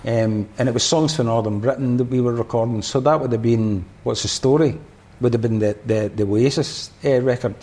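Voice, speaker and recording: A man's voice: mid-range voice, fairly quick, a little mellow, slightly rough. A man with a Scottish accent, a podcast guest and former drummer, telling a rambling story full of restarts and fillers. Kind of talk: casual storytelling.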